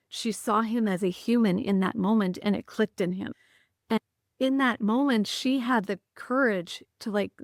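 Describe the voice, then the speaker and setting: In a clean studio recording with no room sound, a woman of medium pitch appears as a podcast guest. She tells stories earnestly in a conversational way, often restarting her sentences.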